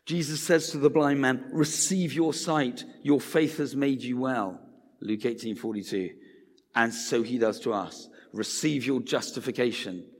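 A man preaching a sermon in a conversational way, acting out the voices he quotes. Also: medium pitch. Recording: reverberant hall.

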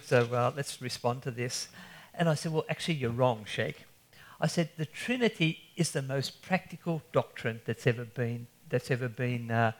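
Animated male storyteller acting out voices. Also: medium pitch. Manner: animated storyteller, acts out voices and shouts for help. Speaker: Christian speaker telling an anecdote. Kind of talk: storytelling talk.

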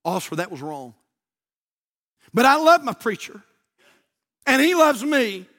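Heartfelt, pleading church member, put on by a preacher, bright voice. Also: male voice, very high-pitched, very animated, measured pace, long reverb tail, pitched above the performer's own voice, full character voice. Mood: earnest. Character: earnest loyal male churchgoer.

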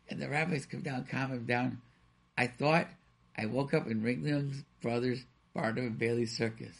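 A man with a gravelly, husky voice tells stories in an animated way and acts out the voices of the people he quotes. His pitch sits in the middle, and he talks casually to a guest in conversation. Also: moderate pace. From Rochester, New York. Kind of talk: storytelling in casual talk.

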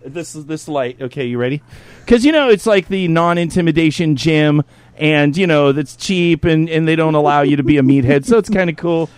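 A man in his fifties, a podcast co-host, telling profane, animated stories in casual banter. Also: a little high, normal speed, smooth, no room sound. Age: 50s.

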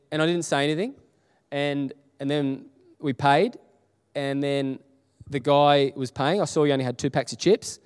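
A middle-aged man preaching a sermon in a church auditorium, telling stories in a conversational way with many restarts and acted-out quotes. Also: fairly high pitch. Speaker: pastor. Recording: reverberant church hall.

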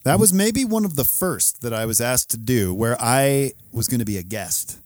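A man's voice: mid-range voice, expressive, normal speed, a little mellow, no echo. A podcast co-host, a man, chatting casually and candidly about himself with a self-deprecating, rambling manner. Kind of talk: casual chat.

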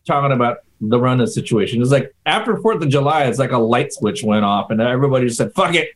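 A man's voice: medium pitch, lively intonation, fast. A man on a phone call chatting casually and mocking himself, with lots of fillers. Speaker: podcast co-host. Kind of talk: casual chat. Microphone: phone on an internet call.

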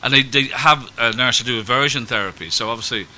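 A man's voice: mid-range voice, quick pace, bright, forceful tone. A middle-aged male comedian chatting as a guest, rambling through stories with dry, sarcastic asides. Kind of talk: casual chat. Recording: live podcast at a comedy festival.

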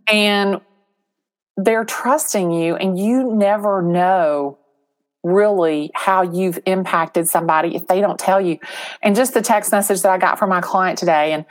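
Lively middle-aged woman telling a story. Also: on the low side. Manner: animated storyteller, acts out quoted voices. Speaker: real estate agent, guest. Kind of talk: interview storytelling.

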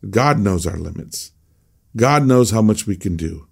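A man's voice: fairly low pitch, animated, normal speed, gravelly, breathy edge. A man teaching a devotional Bible message as a pastor, earnest and repeating phrases for emphasis.

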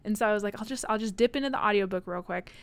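A woman's voice: medium pitch, very fast. A woman co-hosting a podcast, chatting animatedly about a book with swearing and playful asides. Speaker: podcast co-host. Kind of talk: casual book discussion.

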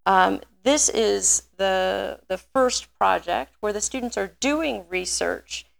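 Gravelly-voiced woman giving an academic talk. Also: medium pitch, slow. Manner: thoughtful, academic, with frequent ums. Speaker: design educator. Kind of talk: lecture talk.

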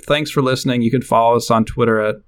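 A man's voice: medium pitch, fairly even intonation, fast talker. A man co-hosting a casual podcast, hesitant and filling his talk with likes and ums. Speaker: podcast co-host.

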